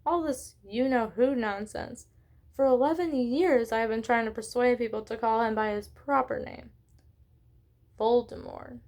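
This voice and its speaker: Mild, kindly old wizard, speaks softly, fairly high voice, read by a woman. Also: unhurried. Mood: gentle. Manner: gentle and mild. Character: gentle elderly male wizard headmaster.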